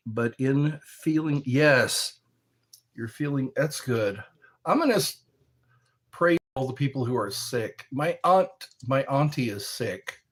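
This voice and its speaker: Husky-voiced man, slow and lively. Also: medium pitch. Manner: rambling and playful, spelling words out. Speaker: live stream host. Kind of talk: casual live-stream chat while snacking.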